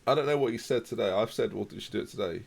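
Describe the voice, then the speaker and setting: A young man commentating live on his football management game, reacting loudly to the match and chatting to viewers. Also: on the low side, very fast, vocal fry, slightly rough.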